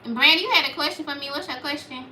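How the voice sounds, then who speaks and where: Young Memphis woman, Southern accent, small, very bright and ringing voice, casual livestream chatter heard a little off-mic in an echoey room. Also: high voice, rapid-fire, recorded from a distance, slight background noise. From Memphis, Tennessee. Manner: chatty, reads out viewer comments. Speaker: livestream host. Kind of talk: casual livestream chat with viewers.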